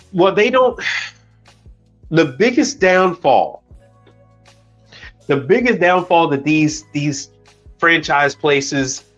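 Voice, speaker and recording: A man's voice: mid-range voice, a bit bright. A man from Chicago, a commercial kitchen equipment tech, ranting bluntly and with plenty of swearing as he chats on a live stream and argues with comments from his chat. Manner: talks back to chat comments.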